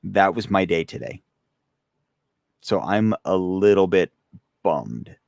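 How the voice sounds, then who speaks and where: A man's voice: low-pitched, expressive, slow, creaky, darkish tone, no echo, clean studio sound. A young man casually chatting on a live stream as a host, rambling and self-deprecating, often laughing while reading chat. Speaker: gun channel host.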